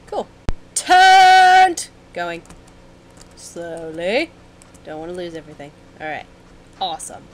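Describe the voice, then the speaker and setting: Excitable young woman gamer, lively pitch. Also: slight background noise, low-quality recording. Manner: excitable, chatters at the game, sudden yelps. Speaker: let's play gamer. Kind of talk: casual gameplay commentary.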